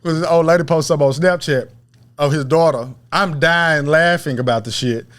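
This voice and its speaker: A man's voice: fairly high pitch, brisk, a bit bright. A man co-hosting a podcast, trading teasing, profane stories and laughing at them. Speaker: podcast co-host. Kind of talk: casual podcast banter.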